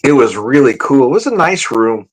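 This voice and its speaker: This beer vlogger's voice is sing-song and moderately paced as he rambles and chuckles through a casual beer livestream, correcting himself along the way and going high-pitched to imitate greetings. The audio is poor.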